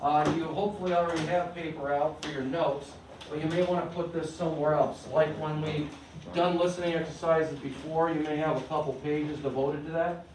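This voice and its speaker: A man's voice: a little high, flat delivery, fairly quick, noisy background. A man teaching a Spanish class, explaining grammar step by step and often checking that students follow. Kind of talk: classroom lecture. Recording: echoey room, mic at a distance.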